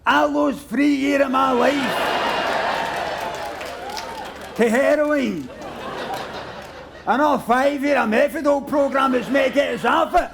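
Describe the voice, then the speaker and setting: A man voicing a rough Glaswegian man with a Glaswegian accent, ranting in a high shout. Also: normal speed, crowd noise. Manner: shouting, high-pitched rant. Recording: live stage mic, audience noise.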